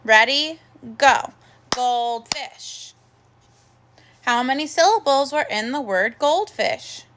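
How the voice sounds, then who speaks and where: A woman teaching a first grade phonics lesson, slowly sounding out words and praising the children. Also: high-pitched, lively intonation, fairly bright tone, slight background noise. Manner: slow, clear, encouraging teacher talk with drawn-out sounds.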